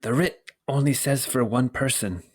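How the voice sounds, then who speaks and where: A man's voice: medium pitch, normal speed, slightly rough, lightly acted. A man voicing a friendly, slightly nervous male gate constable who stammers and hurries his words in a tabletop game. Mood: hushed.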